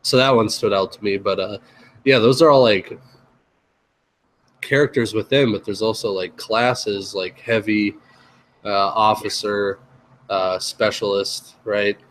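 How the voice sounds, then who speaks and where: A man co-hosting a podcast who sounds nasal with a slight lisp from a sinus issue, speaking hesitantly with many pauses. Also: fairly low pitch, fairly even intonation, a bit bright, rough recording. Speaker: podcast co-host. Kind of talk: casual chat.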